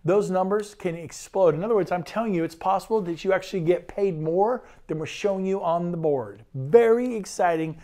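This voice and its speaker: A man's voice: sits high, darkish tone. A man giving an enthusiastic sales presentation about real estate, talking conversationally and acting out quotes.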